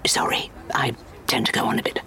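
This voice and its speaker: A woman's voice: medium pitch, expressive, normal speed, slight background noise. Woman voicing a rambling South London alien man. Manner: stammering, rambles on, then turns soft and soothing. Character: thin rambling alien man, restless and evasive.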